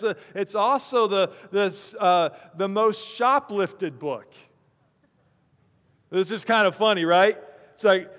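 A pastor giving a conversational sermon, with chuckling asides, in a church sanctuary. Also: male voice, high-pitched. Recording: long church reverb.

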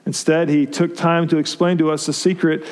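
A man's voice: a little high, flat delivery, normal speed, a little mellow, big-room sound. A male pastor preaching a conversational sermon to his congregation, often restarting his phrases. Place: church sanctuary.

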